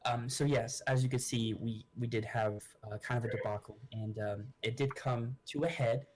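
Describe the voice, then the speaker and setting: A man's voice: medium pitch, steady tone, normal speed, darkish tone, close to an everyday voice. A man playing an earnest, rambling noblewoman. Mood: sorrowful. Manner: rambling and hesitant, with many restarts. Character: grieving noblewoman adventurer, earnest.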